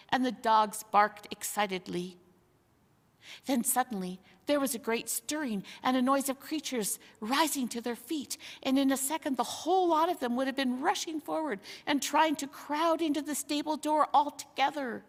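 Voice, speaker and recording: A woman reading a children's novel aloud, in an expressive storytelling manner. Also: sits high, normal speed. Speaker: reader. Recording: long hall reverb.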